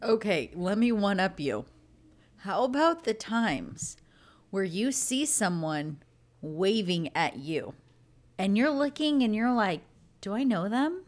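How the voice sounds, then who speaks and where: A woman telling a story in casual chat, animated and drawn out. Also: mid-range voice, slow pace.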